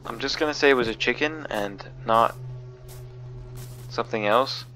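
A man's voice: medium pitch, moderate pace, bright, forceful tone. A man giving spooked gameplay commentary, jumpy and nervous, often repeating himself. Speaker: gaming video creator. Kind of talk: horror game commentary.

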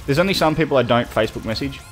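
A man's voice: mid-range voice, faint music behind. A young man co-hosting a game video, chatting casually and agreeing readily. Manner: agreeable, quick back-channel replies. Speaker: let's play co-host. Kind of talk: casual gaming chat.

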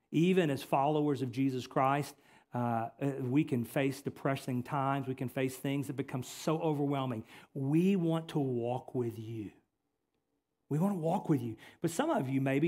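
A male pastor preaching a sermon, swinging between loud emphatic lines and quiet, intimate appeals. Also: medium pitch. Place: church sanctuary.

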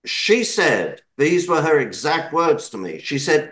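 A man's voice: a little high, big pitch swings, measured pace, few pauses, a bit bright, rough recording. A British man answering interview questions in a digressive way, correcting himself and adding apologetic asides. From Britain. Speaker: interview guest, market commentator.

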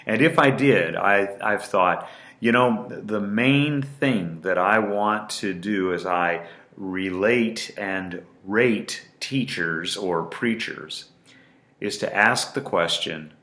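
Male pastor, sermon delivery, low voice with a bright, forceful edge, roomy sound. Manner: deliberate, emphatic preaching with repeated phrases. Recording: roomy echo.

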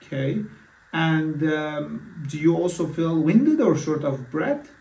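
The man role-playing a doctor talks slowly but with animation, his fairly high voice gravelly and darkish. Fillers and false starts mark his hesitant delivery, captured from a distance in an echoey space.

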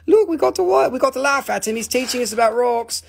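Young kids tease their uncle in a squeaky, high, mocking voice, as a man puts them on. The pitch jumps far above a grown man's voice. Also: expressive, quick pace, gravelly, slightly rough, full character voice.

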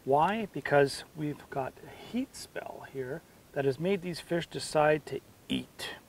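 A man hosting a fishing show from a boat on a lake, talking in punchy, excitable, salesy bursts. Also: on the high side, takes it slowly, a little hiss or hum. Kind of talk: on-the-water fishing commentary.

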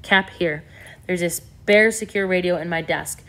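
A woman's voice: fairly low pitch, a little slow, fairly bright tone. A woman voicing an authoritative male ship captain using formal radio talk.

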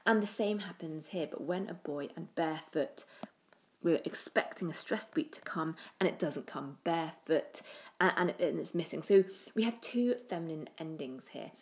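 Woman teaching a poem, lowish voice, thoughtful, restarts, trailing off softly. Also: expressive, moderate pace, few pauses. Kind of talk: poetry analysis lesson.

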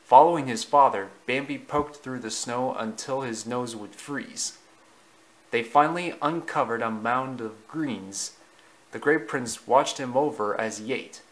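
A man narrating a storybook slowly and deliberately, with small slips in the reading. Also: mid-range voice, a bit bright, poor audio.

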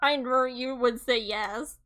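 A woman voicing a rude, bored teenage boy who speaks flatly and curtly. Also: fairly high pitch, slow pace, clean tone. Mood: scheming.

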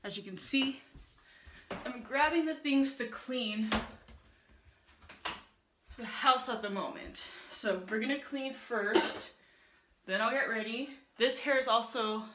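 A young woman vlogs casually to viewers while doing chores, a little breathless, with a fairly high voice, a slow pace and long pauses. She's chatty and self-deprecating, speaking directly to her audience. Background noise is present, and she films with a phone camera on a selfie stick, at home and then in a car.

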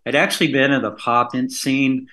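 A man's voice: mid-range voice, fairly even intonation, moderate pace, bright, forceful tone. A man, a podcast guest, telling a long story in a casual, rambling way, full of fillers and restarts.

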